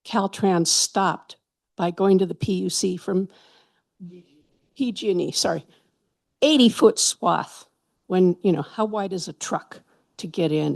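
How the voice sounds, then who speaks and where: A woman with a gravelly, creaky voice gives passionate public comment at a council meeting. She rambles with enthusiasm, and the sound is dry and close. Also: lowish voice, no echo. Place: town council chamber.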